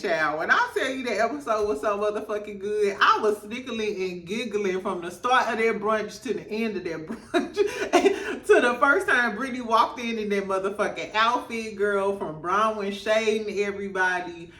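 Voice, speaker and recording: A woman's voice: mid-range voice, lively intonation, normal speed, sharp tone, reverberant, recorded from a distance. A woman hosting a casual reality TV recap, laughing a lot and acting out the cast members' lines in voices.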